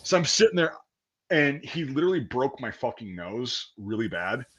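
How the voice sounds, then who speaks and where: A young man with an ordinary mid-range voice, swearing freely as he tells a rambling story. He acts out the people in it, jumping higher and louder for quoted shouts, then dropping back into easy chat. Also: sing-song, moderate pace, husky. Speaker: podcast host.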